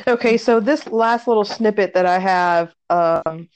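In a casual chat, a woman tells a funny story, laughing often and jumping up in pitch and volume as she acts it out in an animated retelling. She speaks unhurriedly with a clean tone whose highs are cut off.

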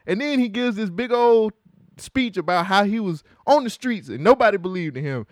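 A man's voice: sits high, lively intonation, moderate pace, no room sound, studio quality. A man in casual chat, retelling a movie plot and acting out the characters' lines, laughing often and swearing casually.

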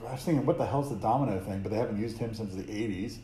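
A man's voice: lowish voice, rapid-fire, warm tone. A man co-hosting a casual trivia drinking game, joking, swearing freely and laughing often. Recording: roomy room with faint noise.

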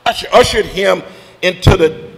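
High, bright-voiced preacher shouting in a church. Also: male voice, moderate pace, creaky. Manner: builds to shouted call-and-response preaching. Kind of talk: sermon with storytelling. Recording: reverberant church hall with faint music.

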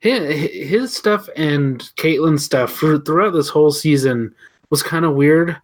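A man's voice: on the high side, unhurried. A man co-hosting a podcast, giving wry, offhand opinions in a casual chat about TV episodes. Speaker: podcast co-host.

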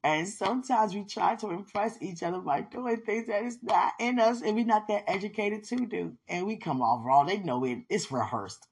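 A woman's voice: mid-range voice, moderate pace, hardly any pauses, darkish tone, slightly rough. A woman hosting a spiritual podcast, talking fervently to her listener and breaking into frequent laughter and exclamations. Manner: laughs often, exclaims and testifies with rising fervor. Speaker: podcast host.

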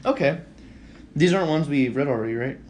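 A young man co-hosting a podcast, swearing freely and telling animated stories in casual chat. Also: on the high side, a little fast, slight background noise. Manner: profane, animated storytelling. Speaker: podcast co-host.

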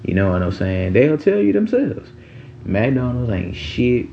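A man's voice: mid-range voice, sing-song, unhurried, creaky, highs cut off, a little hiss or hum. A man in his twenties talking in a loose, rambling monologue full of slang and "you know what I'm saying.". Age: 20s. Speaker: podcast host. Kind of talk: casual monologue.

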